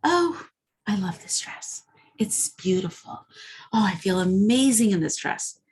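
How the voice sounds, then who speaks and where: A gushing young bride, put on by a woman in a high, swooning voice. She sounds thrilled and a little breathless. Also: lively intonation, measured pace, darkish tone, husky. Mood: delighted.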